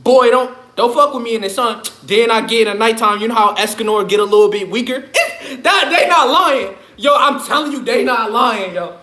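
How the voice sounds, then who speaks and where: A man's voice: extremely high pitch, normal speed, hardly any pauses, bright, forceful tone. A man ranting on his livestream in a loose, profane, rambling way, laughing often. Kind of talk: casual livestream rant. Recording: echoey room.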